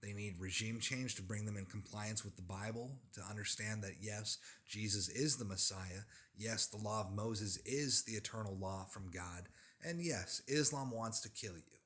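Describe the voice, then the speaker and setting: Speaking at normal speed in a voice on the low side with a fairly bright tone, a man lectures insistently in an emphatic religious monologue. As a religious commentator, he hammers his points home by repeating them.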